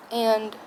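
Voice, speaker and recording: A young woman telling a personal story alone, speaking softly and haltingly, tearful at times. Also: a little hiss or hum, poor audio. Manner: soft, halting, emotional. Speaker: vlogger. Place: alone in a quiet room.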